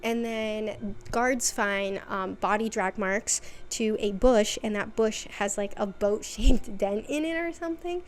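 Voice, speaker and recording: A woman's voice: mid-range voice, measured pace, a little hiss or hum. A young woman hosting a casual recap video, telling the story in a rambling, filler-heavy way. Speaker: video host.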